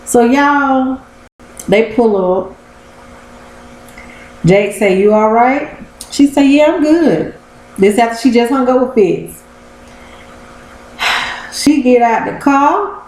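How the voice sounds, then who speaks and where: A woman in her thirties recapping a TV episode in a casual vlog, telling it like an animated story and speaking straight to her viewers. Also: on the high side, takes it slowly, pauses often. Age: 30s. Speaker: TV episode reviewer. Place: room at home. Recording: roomy echo.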